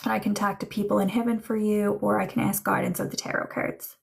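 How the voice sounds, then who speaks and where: Woman, livestream psychic host, casual and chatty, frequent laughs, creaky voice. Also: medium pitch, little pitch movement, fast. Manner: chatty, relays messages in quotes, laughs often. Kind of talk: live-streamed spirit and tarot reading.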